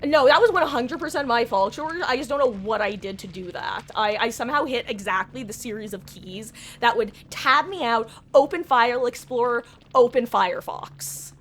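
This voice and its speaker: A woman's voice: a little high, moderate pace, hardly any pauses, fairly bright tone, slight background noise. A woman streaming a game live, chatting with viewers in a rambling way, often stammering and restarting when frustrated. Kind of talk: live gaming stream chat.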